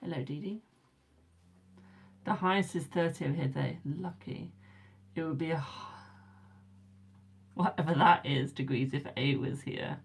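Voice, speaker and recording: A woman's voice: low-pitched, normal speed, vocal fry, long pauses, breathy edge. A young English woman hosting a live tarot stream, chatting casually and teasing her viewers as she reads their comments. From England.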